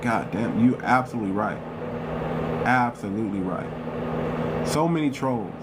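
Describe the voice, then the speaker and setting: A man's voice: medium pitch, expressive, brisk, very noisy. A man hosting a live stream, talking in a confrontational way and repeating phrases for emphasis. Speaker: livestream host. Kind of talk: heated live-stream commentary.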